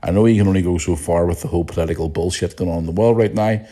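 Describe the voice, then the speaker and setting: An Irish man with a low, dark voice chats casually as a podcast host. He speaks bluntly, swears freely and chuckles often as he reads out listener messages. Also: racing.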